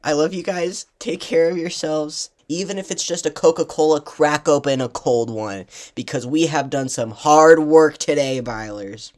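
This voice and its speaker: A fan vlogger at home giving a passionate, swear-heavy analysis, often bursting into loud excited rants. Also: mid-range voice, moderate pace, few pauses.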